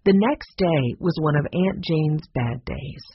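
A narrator reading a children's chapter book aloud in a plain, measured storytelling manner. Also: medium pitch, animated, breathy edge, highs cut off. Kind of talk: audiobook narration.

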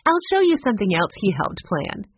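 Woman doing a bright, gushing orchestra hostess. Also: mid-range voice, very animated, brisk, slight background noise, voice pushed up, lightly acted. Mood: cheerful. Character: cheerful, fussing female orchestra host. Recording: muffled, dry recording.

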